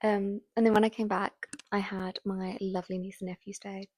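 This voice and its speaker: A woman's voice: medium pitch, flat delivery, brisk, a little hiss or hum. Chatty woman in her twenties. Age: 20s. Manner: chatty and rambling, full of "like" and "um"; often drops to a soft whisper. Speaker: vlogger. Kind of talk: casual chat to camera.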